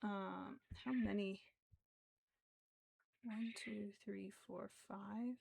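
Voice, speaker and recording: Extremely slow and creaky, her mid-range voice stays fairly even in intonation and a little mellow, with no echo. She's streaming her crochet, chatting aimlessly with fillers and half-whispered stitch counts.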